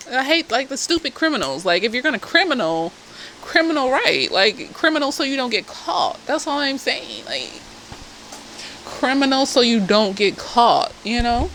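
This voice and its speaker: A woman with a fairly high voice talks straight into her own camera. She is reviewing a TV episode as a therapist. She sounds animated, blunt and freely profane, and she keeps wandering into asides, with a faint hum of room ambience behind her. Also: poor audio. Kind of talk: casual review chat. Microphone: self-filmed camera.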